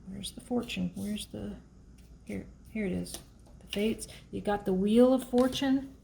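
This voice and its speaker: Chatty tarot reader woman, gravelly edge. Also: mid-range voice, measured pace, mellow, slight background noise. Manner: emotional, chatty, thinks aloud while pulling cards. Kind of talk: casual tarot reading to camera.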